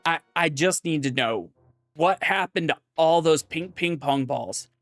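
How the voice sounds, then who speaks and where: A man's voice: on the high side, measured pace, fairly bright tone, dry recording, faint music behind. A man doing a doting, rambling father. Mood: tender. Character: indulgent middle-aged father, doting but exasperated.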